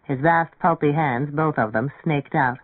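A man narrating an audiobook in a measured, even way. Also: on the high side, no room sound. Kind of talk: audiobook reading. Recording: dry, phone-like narrow sound.

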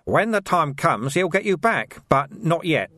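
A thin, cheerful monk, voiced by a man reading aloud, calm and gently teasing. He speaks in a raised, light voice with lively turns. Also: a little high, measured pace, no room sound, clean studio sound, voice pushed up, heavily acted.

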